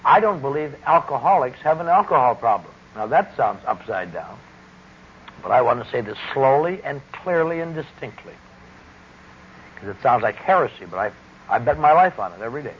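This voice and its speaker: A middle-aged man speaking deliberately and wryly, giving a personal testimony talk about recovery. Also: medium pitch, very animated, husky. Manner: deliberate, wry, emphatic speaking. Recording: dull lo-fi recording with faint hiss.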